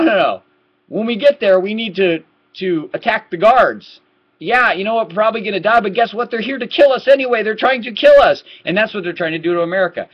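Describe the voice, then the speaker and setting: A man giving a heated political rant to his webcam, repeating words and swinging from low muttering to loud outbursts. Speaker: political vlogger. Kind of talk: ranting webcam commentary. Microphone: laptop webcam mic. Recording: lo-fi laptop webcam audio.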